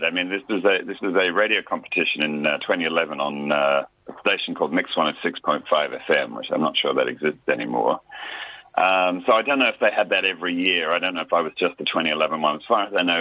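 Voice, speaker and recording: On a dry, tinny phone line with no room sound, a man with a low, rumbling voice chats casually as a musician guest on a radio interview, poking fun at himself.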